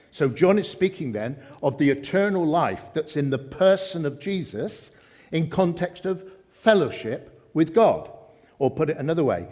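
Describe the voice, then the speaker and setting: A man preaching a sermon, reading scripture and explaining it, swelling into fervent emphasis at times before settling back to calm teaching. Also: mid-range voice, dull audio. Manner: builds to fervent, rising emphasis, then calmer teaching. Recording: long reverb of a hall.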